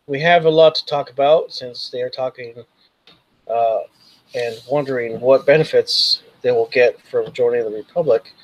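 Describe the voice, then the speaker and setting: A man's voice: medium pitch, normal speed, highs cut off, close to an everyday voice. A man voicing a stiff, formal protocol droid translator with stilted diplomatic phrasing.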